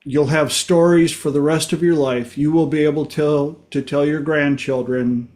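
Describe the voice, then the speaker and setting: A man's voice: on the high side, fairly even intonation, normal speed, hardly any pauses, a little mellow. A man from Minnesota hosting a podcast, telling casual stories and chuckling often. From Minnesota, USA. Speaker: podcast host. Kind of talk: casual storytelling.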